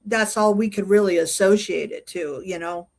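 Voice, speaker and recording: An older woman speaking at an average pitch as an interview guest. She tells a personal story in a casual, unpolished way. She stops often on filler sounds and restarts her sentences. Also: a little mellow. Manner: halting, full of fillers and restarts while recounting. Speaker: interview guest, UFO investigator.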